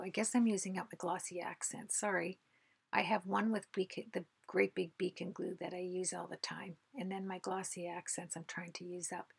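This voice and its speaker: A woman hosting a card-making tutorial, chatting casually as she works and often dropping into a soft half-whisper. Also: on the low side, dry recording. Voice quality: husky, creaky voice. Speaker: craft video host. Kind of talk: casual craft tutorial narration.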